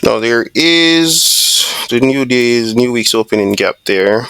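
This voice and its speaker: A man's voice: mid-range voice, expressive, takes it slowly, bright, forceful tone, clear, resonant tone, no room sound. A man hosting a trading video, casually thinking aloud through a live trade with frequent fillers and restarts. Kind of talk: live screen-share trade commentary.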